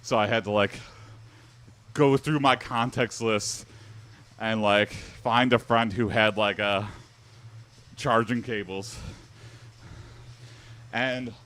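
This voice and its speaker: A man's voice: lowish voice, steady tone, takes it slowly, pauses often, fairly bright tone. A young man streaming and chatting casually, rambling with many fillers. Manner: rambling, filler-heavy, lots of likes. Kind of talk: casual chat reacting to text-to-speech donations.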